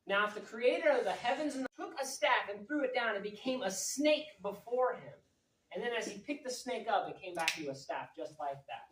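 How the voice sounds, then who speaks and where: A woman preaching a lively, jokey, conversational sermon to young people in a meeting hall. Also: mid-range voice, a little fast. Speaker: youth pastor. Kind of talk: youth sermon. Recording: roomy echo from a distant mic, faint noise.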